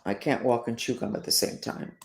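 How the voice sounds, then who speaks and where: A woman's voice: very deep voice, fairly even intonation, fairly quick, gravelly, echoey room, a little hiss or hum. A woman hosting a self-help talk, rambling and sarcastic, with emphatic stresses. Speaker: host.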